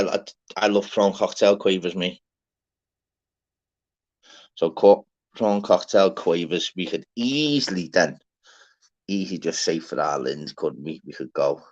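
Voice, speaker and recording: A man hosting a live stream, giving rambling, swear-filled shout-outs to listeners in a casual chat. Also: sits low, unhurried, pauses often. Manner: chatty, swears freely, rambling. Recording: dull lo-fi sound.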